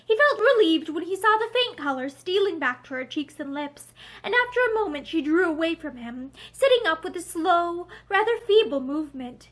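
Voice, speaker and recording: A woman reading a novel aloud in an expressive, measured way. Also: very high-pitched. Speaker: audiobook reader. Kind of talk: scripted narration.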